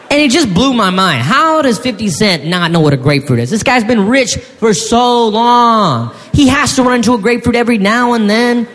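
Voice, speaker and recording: A man performing a stand-up comedy routine, animated, with mock-shouting asides. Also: very high voice, moderate pace, few pauses. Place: comedy stage before an audience. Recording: live hall with reverb, faint noise.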